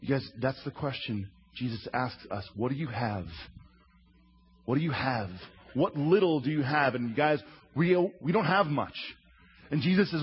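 A man in his thirties, a pastor preaching a sermon with humorous, animated storytelling. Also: mid-range voice, normal speed, husky. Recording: slightly muffled recording.

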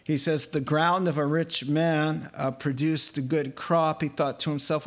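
Guy preaching slow, kinda high voice, animated storyteller. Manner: lively storytelling, acting out quoted voices. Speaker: pastor. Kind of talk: sermon.

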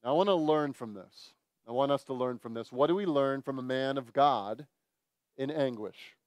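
A pastor preaches earnestly to his congregation at a moderate pace, his medium-pitched voice recorded with no room sound. Now and then he animatedly acts out what his listeners might say.

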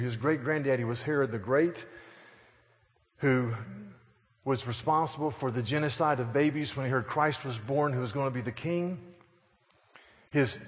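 A man preaching a sermon, reading scripture aloud and retelling it as a vivid story. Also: medium pitch. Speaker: pastor. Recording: long hall reverb.

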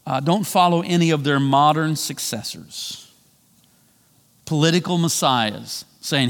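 A male pastor delivering a sermon, swinging between loud emphatic lines and quiet drawn-out phrases. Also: steady tone, big-room sound. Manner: preaching with wide swings of pitch and volume, slowing for emphasis.

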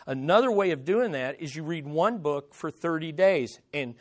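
Middle-aged male pastor, high-pitched voice, casual and emphatic sermon delivery, repeats key phrases. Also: expressive, normal speed.

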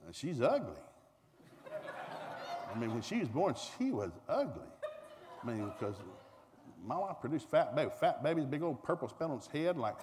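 A man's voice: moderate pace, long pauses. Folksy Southern man spinning a comic yarn. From American South. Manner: folksy, animated, acts out voices, climbs high when excited. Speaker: storyteller. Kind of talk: comic storytelling to a live audience. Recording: reverberant hall with faint noise.

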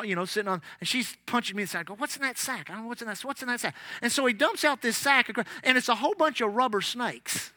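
A man's voice: very high voice, dry recording. A man preaching a sermon, telling stories and calling out "amen" as he goes. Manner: animated, repeats lines, calls out "amen". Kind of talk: sermon with storytelling.

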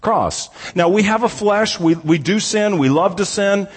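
A man preaching a sermon as pastor, earnest, slowing down for emphasis and then speeding up to argue. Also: high-pitched, breathy edge. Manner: earnest preaching, pace swinging from slow emphatic to rapid. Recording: reverberant hall.

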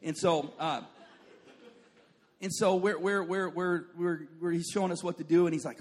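A man's voice: high voice, normal speed, big-room sound. A young adult man preaching a sermon, telling a funny story and putting on the voices of people in it. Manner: animated, jokey, acts out voices of people in his stories.

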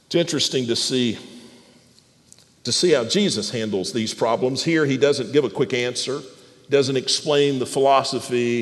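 A man preaching a sermon in an animated way, often repeating words as he restarts a phrase and putting questions to the congregation. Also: medium pitch, big-room sound. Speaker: pastor.

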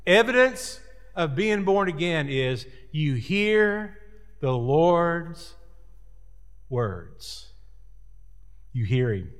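A man's voice: fairly high pitch, big pitch swings, extremely slow, long pauses, clear, resonant tone, long reverb tail. A man preaching a sermon in an earnest, repetitive cadence. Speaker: pastor.

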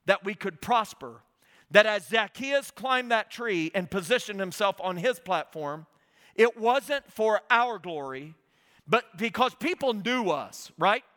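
Middle-aged guy guest preacher, high bright voice, acts out talking to god, big echoey hall. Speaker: guest speaker. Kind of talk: sermon. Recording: reverberant hall.

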